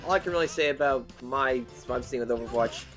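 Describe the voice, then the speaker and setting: A man's voice: medium pitch, fast, a bit bright, faint music behind. A man co-hosting a casual gaming chat, rambling and thinking aloud. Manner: rambling, thinks aloud about game history. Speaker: co-host.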